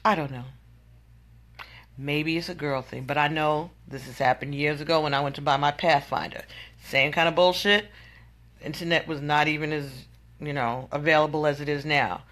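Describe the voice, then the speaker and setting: Exasperated woman venting, bright voice. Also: sits low, steady tone, normal speed. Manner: exasperated, incredulous storytelling. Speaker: vlogger. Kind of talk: venting monologue.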